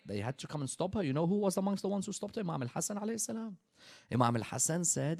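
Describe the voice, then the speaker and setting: A man preaching a sermon, telling the story dramatically and swinging from hushed passages to loud, rising peaks. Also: high voice, lively intonation, fast talker, creaky. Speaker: preacher at a religious gathering.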